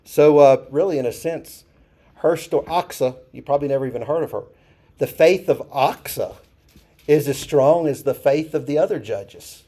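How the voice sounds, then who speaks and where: A pastor with a warm, fairly high-pitched voice leads a church Bible study. He talks casually, puts questions to the group and repeats key phrases for emphasis.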